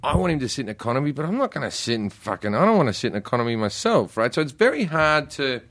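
A man's voice: mid-range voice, sing-song, quick pace, a bit bright. A man who is a comedian, telling stories in casual podcast chat, swearing freely and stumbling over his words. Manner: swears freely, stammers and restarts. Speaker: comedian guest.

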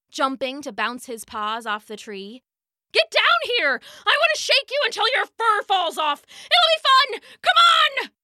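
A woman narrating a children's storybook in an expressive, deliberate read-aloud manner. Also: high-pitched, no room sound, studio quality.

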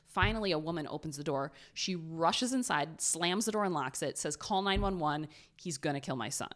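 A woman casually retelling a true crime story on a podcast, animated and blunt, acting out quotes. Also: sits low, moderate pace. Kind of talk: casual chat.

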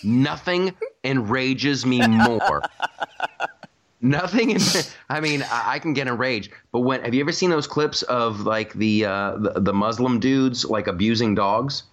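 A man's voice: medium pitch, a little slow, fairly bright tone. A man hosting a casual, comedic podcast chat, rambling through stories with many restarts and laughs. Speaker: podcast host.

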